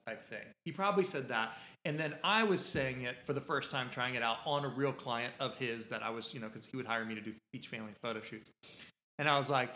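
A man's voice: mid-range voice, fast talker, bright, forceful tone. A man hosting a podcast, telling a casual story in a rambling, self-interrupting way. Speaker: podcast host. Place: podcast studio. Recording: echoey room.

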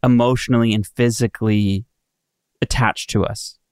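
A man in his thirties co-hosting a podcast, speaking in a measured, reflective way as he thinks aloud. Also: on the low side, steady tone, clean tone, dry recording, clean studio sound. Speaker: podcast co-host. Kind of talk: casual chat.

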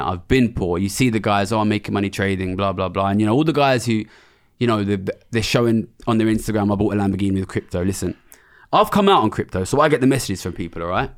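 A man, a former trader giving an interview in a blunt, passionate, sweary way. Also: mid-range voice. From England. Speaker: economist and former trader, guest.

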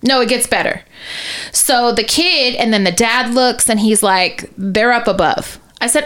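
A woman's voice: mid-range voice, moderate pace. A woman co-hosting a podcast, telling a long story in casual, profane chat and acting out the people in it. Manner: animated, profane, acts out quoted people. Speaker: podcast co-host. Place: podcast studio.

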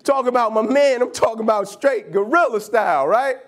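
High-voiced man telling a story. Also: brisk. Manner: casual slang, rhetorical questions, emphatic retelling. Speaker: motivational speaker. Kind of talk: storytelling motivational speech.

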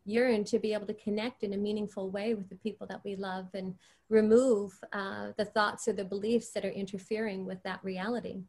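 A woman guest on a podcast, speaking calmly and reflectively about inner life. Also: mid-range voice, fairly quick. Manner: calm, reflective. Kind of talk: reflective spiritual conversation.

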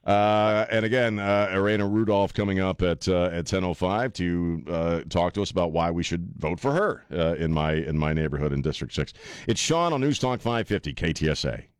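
A man's voice: low-pitched, lively intonation, normal speed, clear, resonant tone, dry recording, studio quality. A man hosting a radio talk show, chatting loosely with lots of fillers and self-mocking jokes. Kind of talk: casual talk radio chat. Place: radio studio. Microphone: studio microphone.

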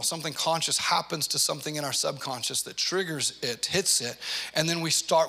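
A man preaching with a bright, forceful voice that sits a little high for a man. He moves between teaching and lively storytelling, tossing in playful asides to the congregation. He sounds like a pastor in his forties. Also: vocal fry. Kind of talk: sermon.

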